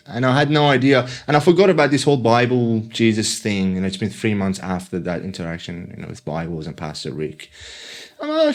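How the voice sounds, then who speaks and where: A young man from Iran, a podcast guest sharing a personal faith story in a halting way, with restarts and fillers. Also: on the low side.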